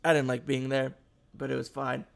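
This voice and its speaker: A man's voice: medium pitch, completely flat delivery, moderate pace, gravelly, clear, resonant tone. A young man co-hosting a podcast, telling a crude story in a rambling, laid-back way. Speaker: podcast co-host. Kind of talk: casual storytelling.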